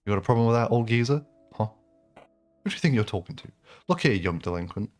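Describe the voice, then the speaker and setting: A man's voice: medium pitch, animated, quick pace, a little mellow, soft background music, lightly acted. A man voicing a suspicious elderly resident who formally quizzes a stranger about whether he lives in the building. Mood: indignant. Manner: prim, nosy, formal questioning.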